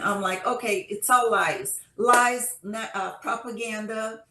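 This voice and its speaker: A woman's voice: medium pitch, measured pace, a little hiss or hum. Woman panelist, casual storytelling, restarts often, roomy echo on a call mic. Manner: animated storytelling with many restarts.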